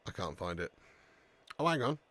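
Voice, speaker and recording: A man's voice: low-pitched, sing-song, moderate pace, fairly bright tone. A man hosting a live football watch-along, bantering brashly with viewers, swearing often and reading their comments aloud. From England.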